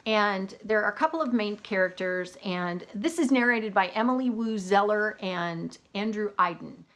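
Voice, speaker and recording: A woman's voice: medium pitch, moderate pace, fairly bright tone. A woman vlogging about books in a chatty, exclamatory way, laughing often. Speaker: book vlogger. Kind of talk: casual chat.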